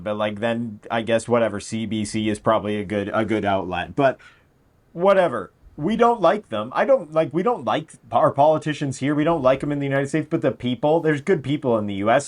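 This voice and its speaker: A man's voice: medium pitch, brisk. A man hosting a political commentary show, talking casually and sarcastically. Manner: sarcastic, animated, mocking voices.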